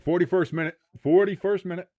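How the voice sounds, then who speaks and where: A man hosting a live match watch-along, commenting casually, swearing freely and leaping from low mutters to shouts. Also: fairly quick, no echo, phone-quality sound. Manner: excitable, profane, jumps from mumbling to shouting.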